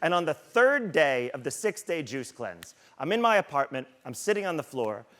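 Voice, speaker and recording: A man delivering a stand-up monologue as a comedian host, animated and incredulous as he acts out the story. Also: on the high side, moderate pace.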